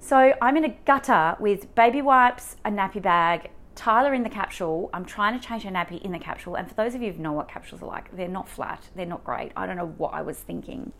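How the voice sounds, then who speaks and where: An Australian mother shares a personal story in a candid, emotional and animated way, with her medium-pitched voice moving fairly quickly and hardly pausing. Her retelling is full of fillers and restarts.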